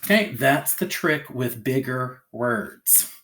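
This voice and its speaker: A man's voice: slow, slight background noise. A man teaching a phonics lesson to young children, sounding out each letter patiently and checking in cheerfully. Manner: lively pitch, rising on cheerful check-ins.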